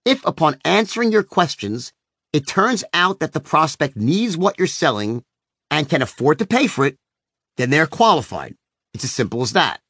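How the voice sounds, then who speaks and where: A man's voice: on the high side, a bit bright, dry recording, clean studio sound. A man narrating his own book as an audiobook in a brash, emphatic manner. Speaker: author-narrator.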